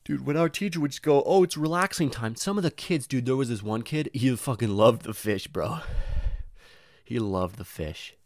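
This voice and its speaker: A young man rambles through a casual story, swearing freely and slipping into voices for the people in it. His pitch swings widely. The recording is very dry, with no room sound. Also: animated, moderate pace, darkish tone, dry recording. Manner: rambling, profane, slangy, acts out voices.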